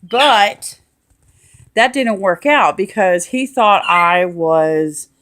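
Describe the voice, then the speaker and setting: A woman tells a loose, rambling home story, piling up fillers and restarts. Her voice sits at an ordinary pitch and rings a little in an echoey room at home. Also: lively intonation, drawn-out words, fairly bright tone. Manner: rambling, chatty, lots of fillers. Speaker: vlogger. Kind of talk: casual storytelling to camera.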